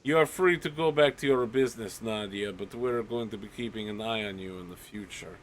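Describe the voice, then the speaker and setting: A man voicing a gruff guard commander who barks orders in a tabletop game. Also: lowish voice, a little fast, slight background noise, lightly acted. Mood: stern. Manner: barking orders. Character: gruff male town guard commander, stern and threatening.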